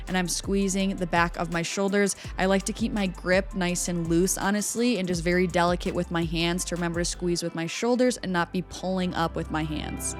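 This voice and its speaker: A young woman, a personal trainer talking viewers through workout form in a chatty, instructive voice-over. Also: lowish voice.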